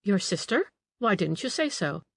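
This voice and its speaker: A woman reading the part of a proud, sharp, motherly Italian marchesa who scolds a young man. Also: mid-range voice, big pitch swings, moderate pace, gravelly, slightly rough, full character voice. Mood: teasing.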